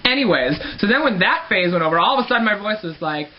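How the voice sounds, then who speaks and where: A man with a high, girlish voice telling a personal story to camera in a playful, dramatic, sassy way. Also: expressive, fast talker, lo-fi sound, background noise. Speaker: vlogger.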